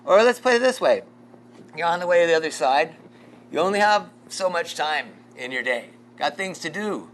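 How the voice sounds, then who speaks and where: A pastor leading a casual Bible study, rambling through a story with lots of fillers and chuckles. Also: male voice, a little high, animated, normal speed, fairly bright tone, slight background noise.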